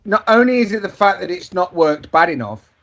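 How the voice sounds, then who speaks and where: A man with a notably high speaking voice, chatting casually on a podcast. He tells long sweary stories about old jobs. His talk is loose and anecdotal. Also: expressive, fairly quick, fairly bright tone, muffled recording. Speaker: podcast co-host. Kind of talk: casual chat.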